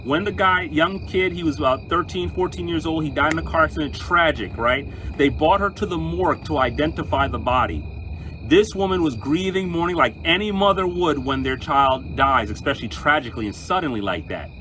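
A man, a pastor, talking to viewers in an emphatic, animated preaching style and telling stories. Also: fairly high pitch, brisk, slight background noise, poor audio.

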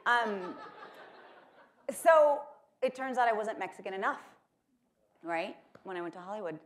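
A woman's voice: medium pitch, expressive, measured pace, slight background noise. A woman from Texas giving a keynote speech, telling chatty, self-mocking stories with lots of fillers. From Corpus Christi, Texas. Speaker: keynote speaker. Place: lecture hall at a conference.

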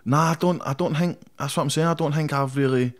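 A man's voice: on the high side, quick pace. A young Scottish man, a rapper guest in a casual interview, blunt and sweary, tossing "mate" into nearly every sentence. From Scotland.

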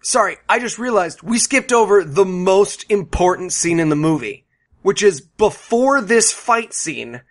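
A man with a high voice co-hosts a comedy podcast. He riffs on a film, doing quick silly voices for the people in it. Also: lively intonation. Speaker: podcast co-host. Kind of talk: casual comedic chat.

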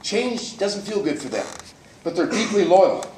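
A man's voice: high-pitched, big pitch swings, measured pace, darkish tone, slight background noise. A man giving a folksy, emphatic motivational talk at a business coaching event, acting out the people he describes. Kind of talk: live motivational talk to an audience. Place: event hall, indoors. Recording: echoey hall, voice picked up from far off.

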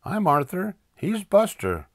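An older man plays a storybook aardvark schoolboy, earnest and a little worried, with his voice pushed well up high. The sound is close and dry. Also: sing-song, slow pace, no room sound, full character voice.

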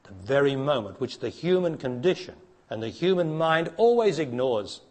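A man giving a spiritual talk to an audience, blunt and challenging, dropping to hushed tones and then rising to emphatic ones. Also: big pitch swings, moderate pace. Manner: blunt, challenging, preacher-like, asks direct questions; swings between hushed low passages and raised emphatic ones. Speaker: spiritual teacher.

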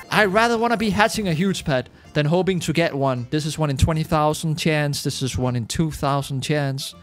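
A man giving casual, excitable commentary as a gaming YouTuber, chatty and laughing often. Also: fairly high pitch.

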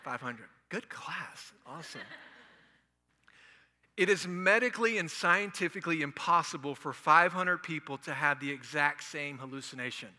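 A man preaches in a church, joking and chatting his way through the sermon. His voice is sharp and bright and sits a little high. The sound carries a long echo from the big hall. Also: moderate pace. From Houston, Texas. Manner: animated, joking, conversational preaching. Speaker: pastor. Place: church sanctuary.

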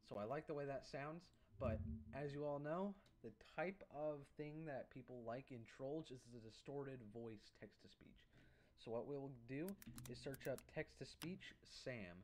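A man narrates a casual software tutorial over a screen recording. He talks in an easygoing, halting way and often pauses on uh's. His voice sits in a middle range. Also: medium pitch, a little hiss or hum. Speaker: YouTube creator.

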